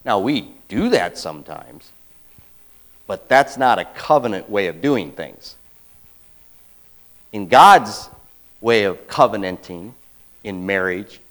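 A man preaching a conversational sermon as a pastor, swinging between quiet asides and loud emphatic bursts and acting out quotes. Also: fairly low pitch, animated, unhurried, pauses often, low-quality recording.

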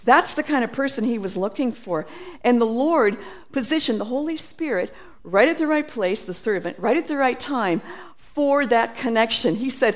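Woman preacher, somewhat high voice, animated sermon delivery with acted-out quotes. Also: normal speed. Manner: animated, acts out quoted voices, reads scripture aloud.

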